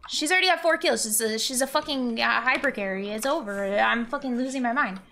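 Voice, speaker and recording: Young woman streamer, high bright voice, exasperated and cursing while gaming. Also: fairly quick, a little hiss or hum. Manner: exasperated, swearing, venting at the game. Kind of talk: live gameplay commentary.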